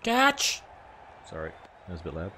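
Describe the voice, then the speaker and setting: A man's voice: low-pitched, animated, normal speed, slight background noise. A young man chatting casually to viewers on a live game stream, easygoing and full of questions. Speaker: gaming streamer.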